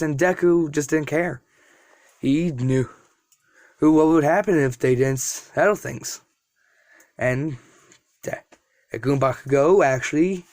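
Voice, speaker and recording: A man's voice: fairly high pitch, a little mellow, no room sound, studio quality. A young man casually narrating a fan-made story, rambling with restarts and asides.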